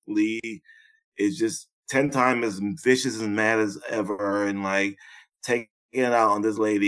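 A man co-hosting a podcast, talking in casual chat, blunt and profane, laughing often and throwing in sarcastic asides. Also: medium pitch. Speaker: podcast co-host.

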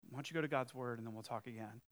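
A male preacher voicing a mother who is quiet, steady and gently insistent. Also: medium pitch, racing, pitched below the performer's own voice, lightly acted. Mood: patient. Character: calm, patient mother of a grown son.

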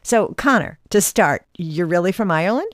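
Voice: mid-range voice, lively intonation, normal speed, slight background noise. A travel host narrating a cruise trip and interviewing a performer, eager and gushing with praise. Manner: enthusiastic, gushing, rambling.

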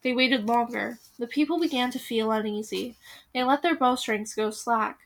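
A woman's voice: fairly high pitch, normal speed. A woman reading a storybook aloud with dramatic, suspenseful pacing.

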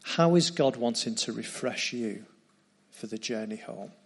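A man preaching a sermon, retelling a story earnestly and dropping into quieter tones. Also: medium pitch, animated, a little slow, breathy edge.

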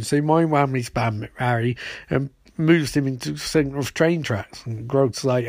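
A man hosting a podcast, recapping a TV episode in a rambling, sarcastic way and slipping into quick voiced quotes of the characters. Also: medium pitch, a little mellow, no room sound, clean studio sound. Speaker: podcast host.

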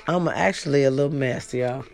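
A woman's voice: very deep voice, normal speed, a little mellow, soft background music. A woman hosting a podcast, chatting casually and playfully to her listeners in a rambling, teasing way. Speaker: podcast host.

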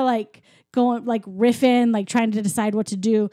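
A woman's voice: fairly high pitch, normal speed, dark tone, dry recording, studio quality. A woman chatting casually while retelling a film plot, with "like" in nearly every sentence. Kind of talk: casual chat recapping a film.

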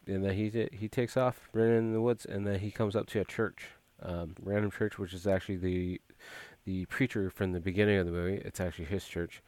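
A man's voice: low-pitched, a little mellow, no echo. A man casually recapping a movie plot, rambling with frequent filler words and restarts.

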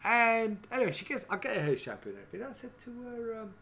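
A middle-aged man tells stories in a loose, rambling way, tagging his sentences with "right?" and "you know what I mean?". His voice sits a little higher than most men's. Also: big pitch swings, quick pace, hardly any pauses, sharp tone, a little hiss or hum. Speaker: former hairdresser telling stories. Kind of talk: casual chat, anecdotes.

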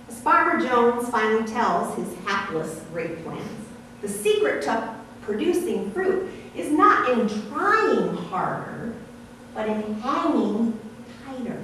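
A woman pastor giving a sermon in a measured, explaining way with light asides, in a church sanctuary. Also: a little high, big pitch swings, fairly bright tone, slight background noise. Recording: echoey hall from far off.

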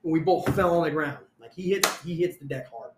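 A young male storyteller guest with a fairly high voice tells a story in casual chat at a brisk pace. He is profane and animated, swearing a lot and loudly acting out what people said. The recording is very noisy, in an echoey room.

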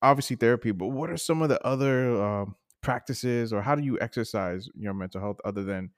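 A man hosting a podcast interview, speaking quickly and earnestly, encouraging his guest. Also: mid-range voice, no echo, clean studio sound. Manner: quick, earnest, encouraging, acts out quoted voices. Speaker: podcast host. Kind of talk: casual interview.

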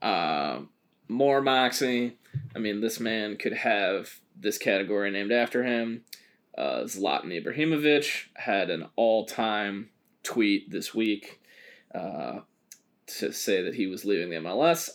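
A man's voice: lowish voice, expressive, measured pace. A man co-hosting a podcast, in a loose, joking sports chat with plenty of swearing and filler words. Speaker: podcast co-host.

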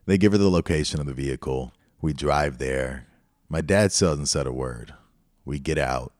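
A man's voice: very deep voice, moderate pace, a little mellow, no room sound, clean studio sound. A middle-aged man hosting a podcast, telling a personal story in a candid, reflective way. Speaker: podcast host. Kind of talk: storytelling monologue.

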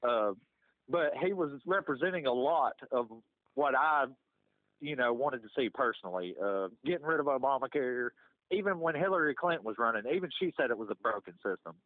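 A man's voice: mid-range voice, lively intonation, fairly quick, no room sound. A man from the United States, a podcast guest, talking bluntly and profanely in casual chat. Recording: dry, phone-like narrow audio.

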